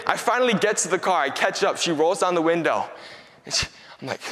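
A young man preaching a sermon in a conversational, energetic way, acting out his own stories for the room. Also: high voice, a little fast, a little hiss or hum. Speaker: pastor. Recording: long hall reverb.

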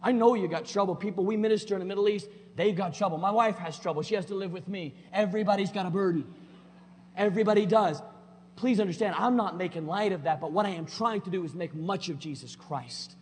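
A man preaching a sermon in a church, folksy and plainspoken, swinging between loud emphatic declarations and quiet conversational asides. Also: high-pitched, quick pace. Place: church sanctuary. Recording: long hall reverb with faint hum.

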